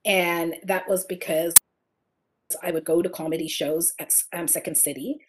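A woman author being interviewed, talking expressively and dropping into soft, gentle affirmations as she explains her practice. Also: fairly low pitch, normal speed, noisy background. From England. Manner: warm, expressive storytelling, softens into gentle affirmations. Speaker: author and guest. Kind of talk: conversational interview.

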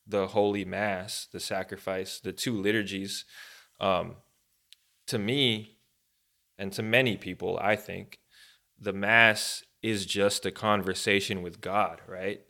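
Podcast co-host, male: low, gravelly, bright, loose and chatty. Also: takes it slowly. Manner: rambling, animated, many fillers. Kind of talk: casual faith chat.

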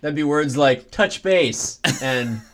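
Young male co-host, slightly high-pitched, playful mock-outrage, chatty. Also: slow, slight background noise. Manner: animated, joking, mock-indignant ranting. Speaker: podcast co-host. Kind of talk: casual podcast chat.

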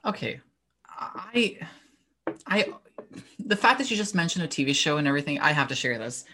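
A man in casual chat who talks in quick bursts and trips over his words, repeating his starts. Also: fairly high pitch, big pitch swings, sharp tone.

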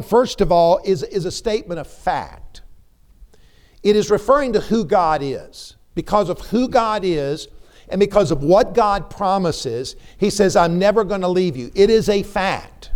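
A man's voice: sits high, a little mellow. A middle-aged man preaching a sermon, emphatic, repeating words for stress and putting questions to the congregation.

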